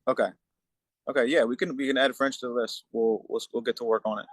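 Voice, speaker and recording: A man answers questions on an online call in an easygoing, polite way, with a middle-pitched voice. The sound is dry, with no room in it. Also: steady tone, quick pace, no echo. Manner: easygoing, polite, says "yes, ma'am". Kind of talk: casual Q&A on a video call. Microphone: video call.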